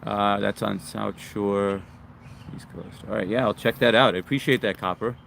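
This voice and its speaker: Low-voiced New man livestreaming outdoors. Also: moderate pace, gravelly, slight background noise. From Long Island, New York. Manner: relaxed, friendly, greets viewers by name. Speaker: livestream host. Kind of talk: casual livestream chat reading comments. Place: outdoors in the sun, urban.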